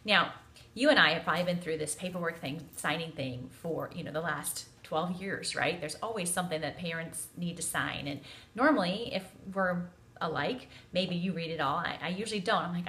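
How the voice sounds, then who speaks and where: A woman in her forties telling a family story in a chatty, animated way, acting out the quotes. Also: on the low side, moderate pace. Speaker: parenting vlogger. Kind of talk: casual storytelling to camera.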